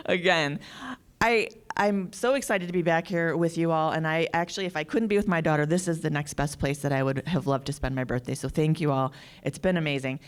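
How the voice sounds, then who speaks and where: A middle-aged woman giving a live conference talk as a securities lawyer, telling animated stories with quoted dialogue into a handheld stage mic. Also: deep voice. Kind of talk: live keynote speech.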